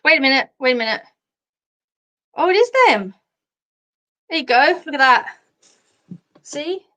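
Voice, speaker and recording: A chatty Australian woman hosting a relaxed live show. She talks slowly with a slightly high voice and giggles easily as she answers viewers. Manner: chatty and giggly, reads out comments. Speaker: host of a live chat show. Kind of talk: casual live chat.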